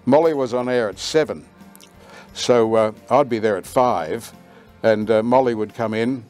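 An older Australian man, a veteran radio announcer and voiceover artist, recalls his career with lively storytelling and acts out quoted lines. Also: medium pitch, measured pace, faint music behind. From Queensland, Australia.

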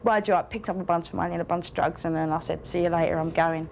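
A woman's voice: on the low side, steady tone, fast talker, gravelly, darkish tone, a little hiss or hum. An actress playing a frank woman telling a long story in a rambling way, full of fillers and swearing. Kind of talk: casual rambling anecdote.

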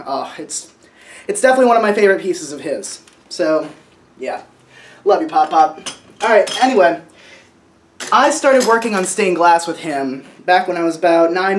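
A man in his twenties, vlogging casually at home, who talks in a rambling, sentimental way with lots of fillers and restarts. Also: on the high side. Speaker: vlogger showing family artwork. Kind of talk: casual show-and-tell vlog. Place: at home, indoors.

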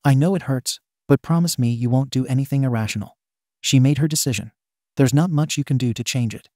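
A man reading as a steady, reassuring father. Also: medium pitch, brisk, no echo, clean studio sound, close to an everyday voice. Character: caring middle-aged father giving advice.

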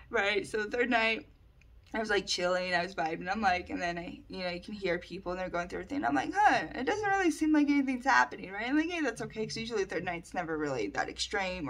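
Husky woman telling a personal story. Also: medium pitch. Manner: animated, frequent "like" and "right?". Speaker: vlogger.

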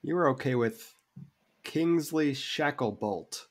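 A man's voice: fairly high pitch, expressive, slow. A man co-hosting a podcast in casual chat, with a dry, teasing manner. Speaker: podcast co-host.

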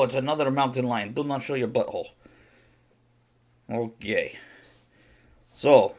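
A man playing a boastful, vodka-loving Russian from Siberia, speaking broken English with a Russian accent in rambling deadpan jokes. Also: mid-range voice. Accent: Russian, put on. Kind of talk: comedic character monologue on a live stream.

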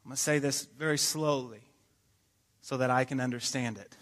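A man's voice: medium pitch, steady tone, normal speed, a bit bright, long reverb tail. A man preaching a sermon, talking in a casual way with joking asides and reading scripture with emphasis. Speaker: pastor. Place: church sanctuary.

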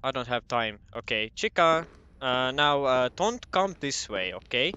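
A man's voice: medium pitch, expressive, unhurried, sharp tone, slight background noise. A young man doing casual commentary on a horror game, joking and swearing as he talks to the game characters. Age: young adult. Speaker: gameplay commentator.

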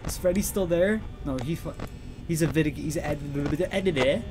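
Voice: medium pitch, brisk. A streamer playing a horror game live, panicking, swearing, giggling nervously and greeting chat between scares. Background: game music and sounds.

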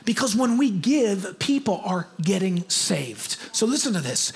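A man in his thirties delivers a sermon as pastor of a church. He talks in a loose, conversational way with lots of asides, then climbs in pitch and volume into fervent, shouted exhortation and prayer. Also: sing-song, unhurried, vocal fry, few pauses, slightly rough, soft background music. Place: church auditorium.

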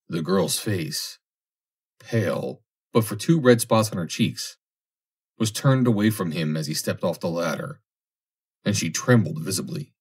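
A man narrating an audiobook in a steady storytelling manner. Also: low-pitched, unhurried, slightly rough. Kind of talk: audiobook reading.

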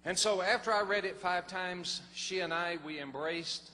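A middle-aged man, a pastor telling a personal story in a sermon, folksy and animated. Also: high-pitched, normal speed, hardly any pauses. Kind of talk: sermon testimony. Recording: long hall reverb, faint noise.

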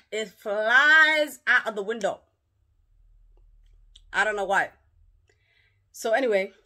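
A woman with a British northern English accent telling a dramatic, swear-filled story in a casual vlog, filmed by a camera in her living room. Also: medium pitch. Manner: animated, profane storytelling. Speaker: vlogger.

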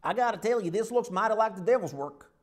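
In a comedy sketch, an actor plays a Lebanese patient who suddenly speaks in a folksy American Southern drawl and is bewildered at himself. His voice sits high, animated and fast.

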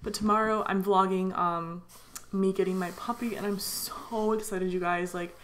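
A tired young woman vlogger in a casual voiceover, rambling excitedly with lots of fillers. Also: medium pitch, moderate pace. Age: young adult. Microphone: voiceover mic.

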